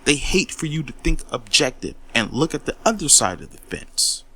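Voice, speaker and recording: A man's voice: medium pitch, very animated, moderate pace, sharp tone, breathy edge. A man in a heated, profane monologue, taking on critics with repeated words and a confrontational edge. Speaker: commentary host.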